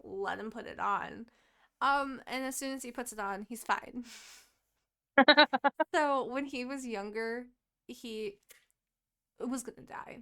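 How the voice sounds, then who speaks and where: A young woman co-hosting a podcast, casually retelling a book's plot in a lively, profane way and acting out the characters' lines. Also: a little high, slow, pauses often, clean tone. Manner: animated and profane, acts out quoted characters. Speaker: podcast co-host.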